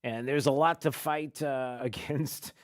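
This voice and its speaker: A man's voice: medium pitch, a little slow. Sarcastic talk radio host, a man. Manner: sarcastic, animated.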